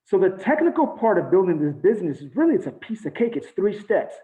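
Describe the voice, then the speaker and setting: A man giving an earnest, motivational team training talk over a video call, halting now and then with fillers. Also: sits high, very animated, mellow, roomy sound, poor audio.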